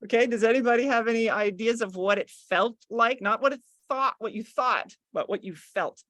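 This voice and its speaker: A middle-aged woman leading a guided visualization on a group video call, lively and coaching, swinging between bubbly and hushed. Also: a little high, normal speed, no echo. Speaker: workshop guest leading the call.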